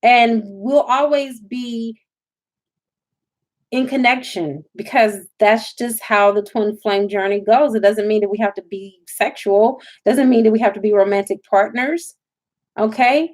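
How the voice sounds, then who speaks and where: Woman w/ doing a spiritual reading, emphatic, preachy, kinda high voice. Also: fairly even intonation, a little slow, a little mellow. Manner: emphatic, preachy, addresses viewers as y'all. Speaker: spiritual reader.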